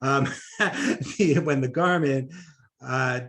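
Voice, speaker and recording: A man giving a conversational conference talk on public speaking, animated, with frequent fillers and asides. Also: mid-range voice, takes it slowly.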